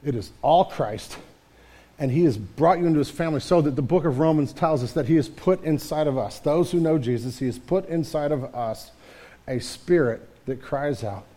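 A man's voice: mid-range voice, mellow, breathy edge. A man preaching a sermon to his congregation in a conversational way, often repeating words and throwing in "man" as he talks. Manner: repeats words and restarts mid-sentence. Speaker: pastor.

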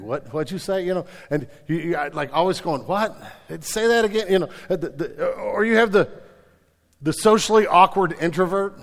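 A man preaching a sermon as pastor, animated, stammering into restarts and mimicking the people he describes. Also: on the high side, big-room sound.

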